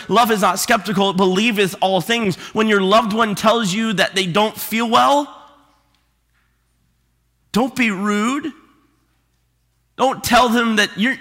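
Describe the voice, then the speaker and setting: A man preaching a sermon as pastor, stressing and repeating key phrases slowly for emphasis. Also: high-pitched, pushed and bright. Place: church sanctuary. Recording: long hall reverb.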